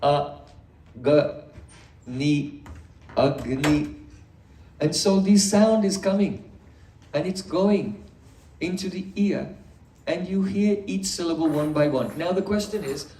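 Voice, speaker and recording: A man with a high, mellow voice teaches philosophy to a gathering, explaining each point slowly and asking the room rhetorical questions. He sits some way from the mic, and the room gives his words a roomy echo. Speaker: spiritual teacher. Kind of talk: philosophy lecture. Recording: echoey room, mic far off.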